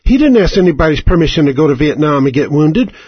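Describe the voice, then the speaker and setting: A man's voice: a little high, very animated, quick pace, breathy edge, no echo. A man hosting a radio show, ranting in a furious, profane, mocking way and firing off rhetorical questions. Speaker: radio host. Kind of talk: angry political radio rant. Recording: dry, dull lo-fi radio sound.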